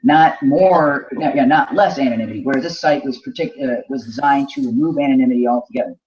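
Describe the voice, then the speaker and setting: A man co-hosting a casual discussion, reasoning aloud in a measured way with frequent restarts. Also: mid-range voice, a little mellow. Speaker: podcast co-host. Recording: dull lo-fi sound.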